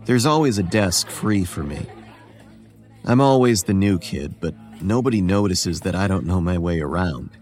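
As a man narrates, a weary, ageless homeless boy who looks about eleven tells his story. The low voice is quiet, measured and tired, like a horror podcast, yet animated too, with soft music faint in the background and some chatter behind.

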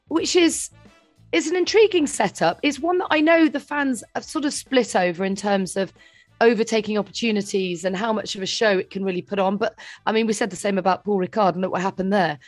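Woman, podcast co-host, lively chatty storyteller, dry close sound. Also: mid-range voice, dry recording. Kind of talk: casual chat.

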